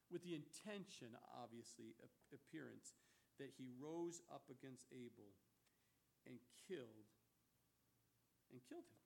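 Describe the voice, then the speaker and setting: A man preaching a sermon in an animated, emphatic way, mixing casual slang into his teaching. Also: mid-range voice, a little slow, vocal fry, long pauses.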